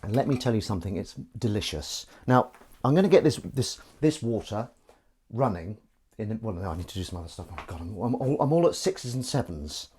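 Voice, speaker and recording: This livestream host does the dishes as he talks in a fairly low, dark, slightly rough voice, brisk and animated. His rambling chatter is jokey and self-deprecating, with false starts and puns.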